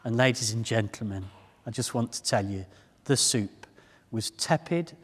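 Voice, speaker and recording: A man giving a public talk to a live audience, telling stories in an animated, self-deprecating way. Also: mid-range voice, normal speed, slightly rough. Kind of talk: humorous storytelling talk. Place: large hall before a live audience. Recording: echoey hall with long reverb.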